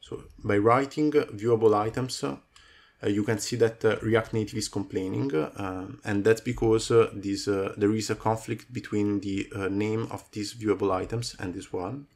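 Man with a low voice explaining code. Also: fairly even intonation, moderate pace, darkish tone. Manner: talks through code with many fillers. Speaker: coding tutorial host. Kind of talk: screen-recorded coding tutorial.

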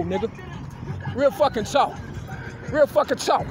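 A woman's voice: fairly high pitch, lively intonation, moderate pace, long pauses. A woman, ranting angrily and profanely as a vlogger on a city street. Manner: loud, profane, confrontational, repetitive. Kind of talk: angry street rant. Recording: street recording with car noise.

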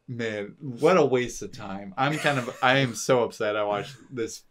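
A man's voice: medium pitch, a little slow, a crowd in the background. Man, podcast co-host, casual chat, rambling, restarts a lot. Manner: rambling, frequent restarts, animated laughter.

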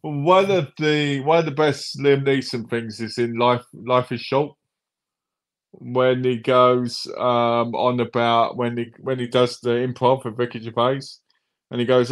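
A man chatting casually on a livestream, joking and retelling comedy scenes in a rambling, animated way. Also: medium pitch, normal speed.

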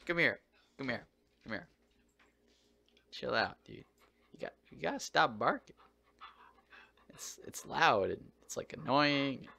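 A man's voice: mid-range voice, expressive, unhurried, creaky, long pauses, bright, forceful tone. A man vlogging casually, short on sleep, talking to his dog in an exasperated, swearing, mock-scolding way.

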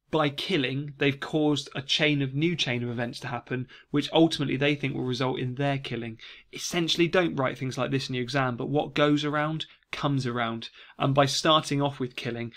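A man explains a text to students in a relaxed, conversational way. His voice sits at an ordinary middle pitch, and he lifts it with lively emphasis whenever he reads out a quoted line. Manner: chatty, lively reading of quoted lines. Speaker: English teacher. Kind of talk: casual revision lesson.

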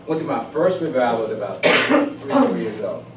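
A man, giving a humorous personal storytelling speech at a club meeting in a lively, emphatic way. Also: mid-range voice, normal speed, over loud music. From South Carolina, US. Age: 60s. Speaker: club speaker. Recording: echoey room, distant mic, background noise.

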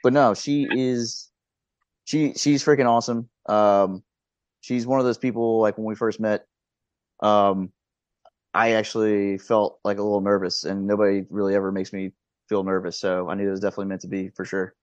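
Low-voiced laid-back man, dull lo-fi sound. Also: little pitch movement, normal speed, darkish tone, no echo. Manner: laid-back, stammering restarts, swearing and laughing. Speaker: podcast co-host. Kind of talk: casual chat. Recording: dull lo-fi podcast audio.

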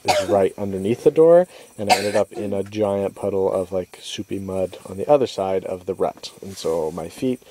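Chatty young man, low and mellow. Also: animated, normal speed. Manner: chatty and exasperated, full of "like", acts out quoted voices. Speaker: vlogger. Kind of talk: casual video diary storytelling. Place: inside a stalled vehicle at night by a rural road.

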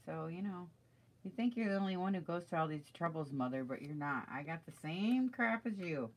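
With lively intonation and a fairly quick pace, a middle-aged woman with a fairly low voice chats during a live crafting video. She thinks aloud as she works and asks viewers for advice.

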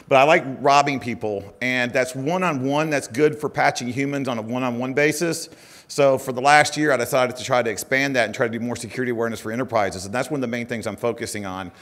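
Man, keynote speaker, conversational and animated, lots of fillers. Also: mid-range voice. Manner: chatty, full of "uh" and "it's like" fillers. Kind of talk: conference keynote. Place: conference stage.

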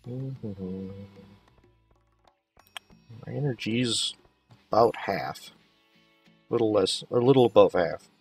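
A man's voice: lowish voice, slow pace, vocal fry, pauses often, a little mellow, recorded from a distance, soft background music. A man giving casual gameplay commentary, chatting to the characters as he plays. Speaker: let's play host.

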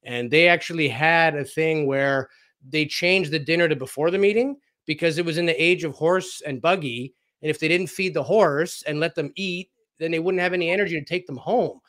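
Appearing as a radio interview guest, a man tells personal stories casually and anecdotally, acting out quoted dialogue and using lots of fillers. His voice is a little high and fairly bright, at a moderate pace.

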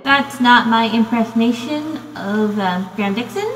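A woman's voice: fairly high pitch, expressive, takes it slowly, a bit bright, slight background noise. A young American woman student narrating a casual video essay, rambling with many fillers. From United States. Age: young adult. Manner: rambling, full of "you know" and "um". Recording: echoey room with long reverb.

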